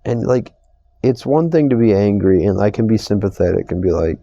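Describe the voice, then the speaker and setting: A young man rambles through a profane, exasperated podcast rant. His voice is dark and gravelly, swinging widely in pitch, and the dry recording sounds a little dull. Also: animated, brisk, no room sound. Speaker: podcast host. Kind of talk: casual solo podcast rant. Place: store receiving area.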